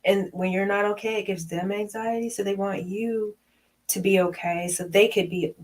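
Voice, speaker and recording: A woman's voice: mid-range voice, normal speed, rough recording. A woman in her thirties in a casual chat, talking animatedly and acting out quoted voices. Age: 30s. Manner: animated, acts out quoted voices, laughs often. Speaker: podcast co-host.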